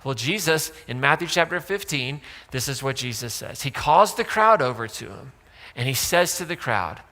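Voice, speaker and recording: A man's voice: mid-range voice, lively intonation, moderate pace, pushed and bright. A man preaching a sermon in a church, conversational and joking, full of asides. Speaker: pastor. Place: church auditorium. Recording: long church reverb.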